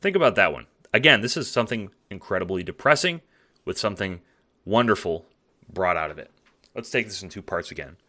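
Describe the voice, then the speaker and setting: Talking through a spoken essay late at night, a video essayist uses a voice on the low side, pushed and bright, with big pitch swings at a moderate pace. He's tired and yawning, conversational and profane, with lots of fillers and "right?".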